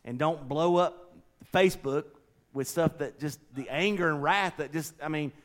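A middle-aged man preaching a folksy, conversational sermon, swinging between loud and quiet. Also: fairly high pitch, normal speed. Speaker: pastor.

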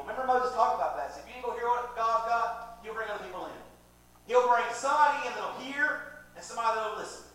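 A man preaching a sermon in a church, animated and dramatic, acting out voices as he teaches. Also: extremely high pitch, fast. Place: church sanctuary. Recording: very echoey church from a distance.

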